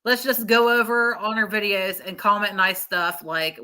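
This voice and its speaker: Woman, bright tense tone, casual gossip chat, giggly, teasing. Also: medium pitch, level tone, normal speed, hardly any pauses, smooth. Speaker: co-host of a reaction channel.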